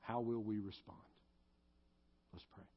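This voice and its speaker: A man's lowish, husky voice preaches with earnest, confessional weight, then climbs into fervent pleading as he prays. The audio is dull and muffled. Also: fairly even intonation, a little slow. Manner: earnest, confessional, rising to fervent pleas in prayer. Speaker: pastor. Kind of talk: sermon and closing prayer.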